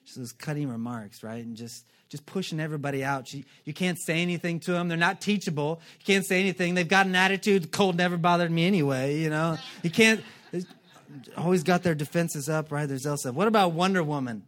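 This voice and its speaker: A male pastor giving a lively, joking sermon and acting out quick character voices. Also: fairly high pitch.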